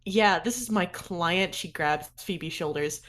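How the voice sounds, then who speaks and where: Female tabletop player, slightly low voice, formal and officious delivery. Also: slow pace, a bit bright. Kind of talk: in-character tabletop roleplay.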